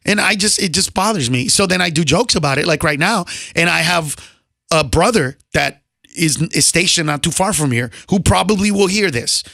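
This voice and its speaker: A male comedian tells his stories in a bright, fairly high voice that swings widely up and down. He sounds close and dry in a radio studio. He often slips into other people's voices. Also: moderate pace, creaky, no room sound. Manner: animated storyteller, slips into voices. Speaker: stand-up comedian, guest. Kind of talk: casual radio interview.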